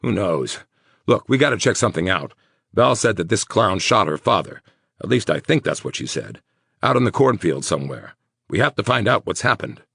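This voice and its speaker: Narrator doing a tough protective guy, gravelly, husky, urgent. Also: on the low side, big pitch swings, moderate pace, fairly bright tone, dry recording, studio quality, voice pushed up, full character voice. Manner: urgent, coaxing, swearing when angry. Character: protective tough man, tender to his girlfriend.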